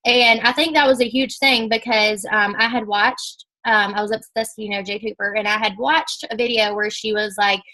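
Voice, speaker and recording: A young woman speaking at a business talk, telling her story in a chatty, animated way and acting out the quotes. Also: mid-range voice, moderate pace, hardly any pauses, low-quality recording. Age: young adult. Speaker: network marketing speaker.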